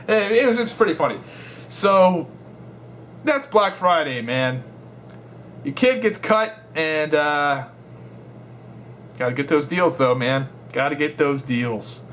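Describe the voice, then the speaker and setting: A man's voice: a little high, animated, slow, pauses often, fairly bright tone, slight background noise. A young man telling a rambling, swear-filled story in a casual vlog. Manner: rambling, swears a lot, laughs while telling. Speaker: gaming vlogger.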